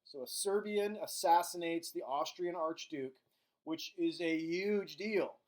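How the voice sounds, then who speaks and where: A middle-aged man giving a recorded history lecture in a casual, joking way. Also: on the high side. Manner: casual, acts out countries in quick silly voices. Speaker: history teacher.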